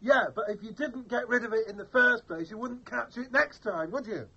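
A man voicing a boastful, rude, grumpy male puppet who taunts children on a phone-in, in a gravelly, whiny voice. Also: extremely high pitch, normal speed, bright, forceful tone, exaggerated voice. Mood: taunting. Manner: taunting, gloating, mock-sobbing. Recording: dull lo-fi TV audio.

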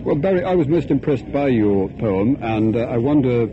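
A man's voice: mid-range voice, animated, moderate pace. A man hosting a radio phone-in, speaking in a polished, genial presenter's manner. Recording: dull old radio broadcast with noise.

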